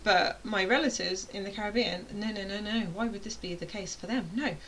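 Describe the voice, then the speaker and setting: A woman's voice: mid-range voice, brisk, a bit bright, a little hiss or hum, low-quality recording. Chatty British woman course tutor. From United Kingdom. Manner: rambling, self-interrupting, playful. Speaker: online course instructor. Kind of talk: casual chatty explainer.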